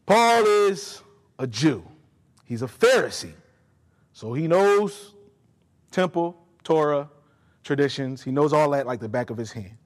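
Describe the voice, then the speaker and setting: A man's voice: a little high, animated, measured pace, long pauses. A man preaching a sermon, emphatic and speaking directly to his congregation in a church. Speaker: pastor. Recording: long hall reverb.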